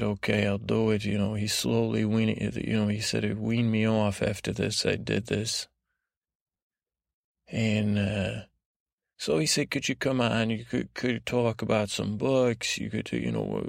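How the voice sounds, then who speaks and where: Grumpy lazy butterfly guy, a man putting him on, gravelly, rambling and mumbling, dry close sound. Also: fairly low pitch, dry recording. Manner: rambling, halting, grumbling with many fillers. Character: grumpy cynical male butterfly, rambling and lethargic. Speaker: podcast host. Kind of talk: sleep podcast character monologue.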